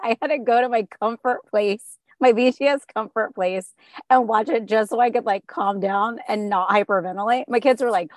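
A woman in casual fan chat, excitable and talking in quick bursts. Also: on the high side, no room sound. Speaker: podcast co-host.

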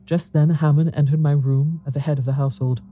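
A man's voice: on the high side, steady tone, fast, mellow. A man narrating a horror story in an intense, dramatic reading, rising to fearful pleading in the dialogue. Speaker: audiobook narrator.

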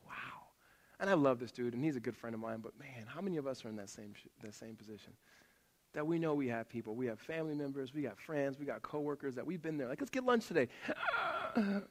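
A middle-aged man preaching a sermon, telling stories and swinging from loud animated bursts to hushed asides. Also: on the high side. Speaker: pastor. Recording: long reverb of a hall.

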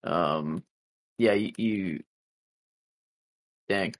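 A man's voice: deep voice, very slow. A young man co-hosting a podcast, chatting about a TV show with frequent hesitations and restarts. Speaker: podcast co-host. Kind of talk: casual chat about a TV show.

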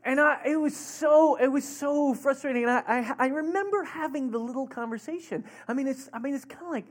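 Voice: high voice, a little fast, few pauses. A pastor giving a sermon in a loose, conversational style. The delivery wanders into side stories and keeps an easygoing, talkative feel. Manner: conversational, rambling storytelling with laughs.

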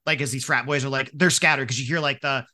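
A man's voice: medium pitch, steady tone, fast, sharp tone. A man narrating as game master in a casual, rambling way, full of fillers.

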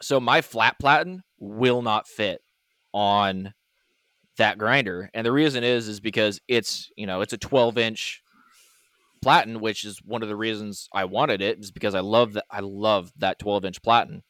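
Casting: man, low-ish clean voice, dry close mic, laid-back podcast chat. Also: a little slow, no room sound. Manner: relaxed, rambling shop talk. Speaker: podcast host. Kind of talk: casual chat.

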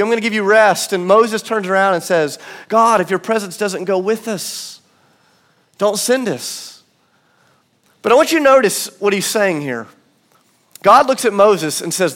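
A man in his thirties preaching a sermon as pastor, earnest and emphatic, slowing down for weight and dropping to soft low asides. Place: church auditorium.

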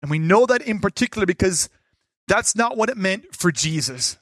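A man preaching a sermon with a fairly high voice. He swings between forceful emphasis and hushed asides. The sound is dry and close, with no room echo. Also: normal speed. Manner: animated, shifts between loud emphasis and quiet asides. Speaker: pastor.

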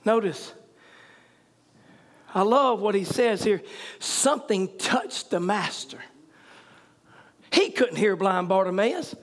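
A very high-pitched male preacher with a drawl. He swings between shouted, fervent bursts and hushed storytelling. Hallelujahs punctuate his sermon to the congregation. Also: lively intonation, slow pace, pauses often. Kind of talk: revival sermon.

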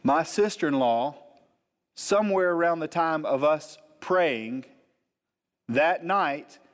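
A man, preaching as a pastor and telling a funny personal story, animated, acting out the quotes. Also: on the high side, takes it slowly. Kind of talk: storytelling sermon. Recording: long hall reverb.

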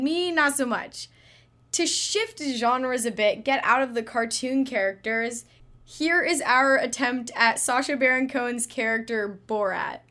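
A woman's voice: a little high, a bit bright. A woman hosting a casual chat, chatty as she introduces each impression. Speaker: host.

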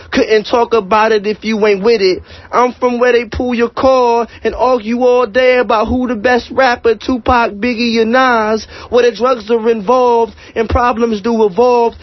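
A man's voice: very high-pitched, no echo. A young man performing spoken word poetry with a rhythmic, rap-like delivery, heard over a muffled radio broadcast.

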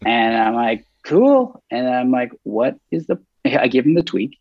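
Creaky, husky man telling a story. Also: mid-range voice, no room sound, highs cut off. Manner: self-described nervous, halting with many restarts; animated, acts out quoted dialogue. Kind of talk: casual storytelling interview.

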